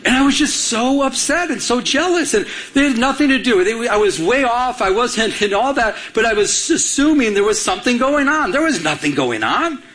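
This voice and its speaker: A middle-aged man from Michigan preaching a sermon and telling a personal story with animated, acted-out dialogue. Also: extremely high pitch, normal speed, hardly any pauses. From Michigan, USA. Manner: animated storytelling, acting out his own past jealousy. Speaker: pastor.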